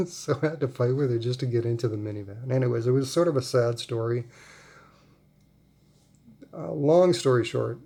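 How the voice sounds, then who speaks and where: Man, forties, gravelly and mellow, rambling storyteller who chuckles through his anecdotes. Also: medium pitch, normal speed. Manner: rambling, amused, laughs often. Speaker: vlogger. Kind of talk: casual storytelling.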